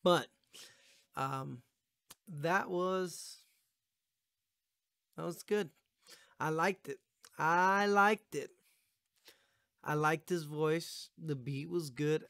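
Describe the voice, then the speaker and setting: A man's voice: a little high, steady tone, extremely slow, creaky, long pauses, fairly bright tone, dry recording. A man giving casual, rambling commentary while reacting to music, swearing often and yawning now and then. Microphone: gaming headphones setup.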